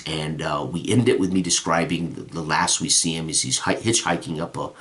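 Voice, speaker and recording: A man's voice: very deep voice, brisk, a bit bright. A middle-aged man, a game master, casually recapping a tabletop game session in a rambling way, with many restarts. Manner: rambling, with frequent restarts and fillers.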